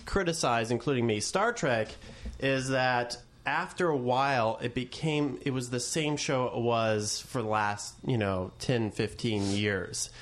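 A man with an everyday mid-range voice hosts an interview. His questions are long and halting, with frequent restarts. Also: mid-range voice. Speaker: host.

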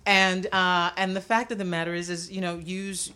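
A woman of Cuban background, an actress, telling animated stories in a casual interview, laughing often and restarting her sentences. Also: on the low side, a little fast. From Cuban family. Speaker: actress guest.

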